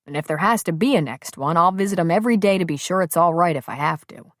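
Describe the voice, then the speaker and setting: A woman voicing a friendly, easygoing married man who jokes in a relaxed way. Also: lowish voice, fast talker, no echo, studio quality, close to an everyday voice. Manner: joking, relaxed.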